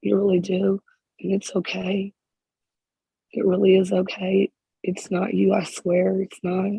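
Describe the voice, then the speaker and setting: Gravelly, husky voice giving tearful comfort. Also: medium pitch, monotone, mellow, dry recording, low-quality recording. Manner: halting, repeats phrases, consoling. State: close to tears. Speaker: spiritual healer addressing a group member. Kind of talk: emotional spiritual counseling.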